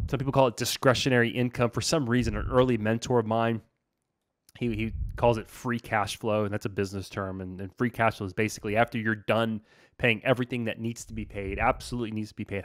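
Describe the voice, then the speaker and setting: A man hosting a casual podcast as a financial planner, talking in an energetic, laid-back way full of slang. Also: mid-range voice, dry recording, studio quality.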